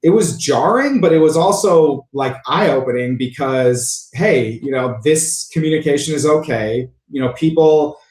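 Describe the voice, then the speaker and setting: A man telling a story in a casual podcast interview, animated and full of fillers and restarts. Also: a little high, unhurried, hardly any pauses. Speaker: podcast guest, sales engineering leader. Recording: roomy echo.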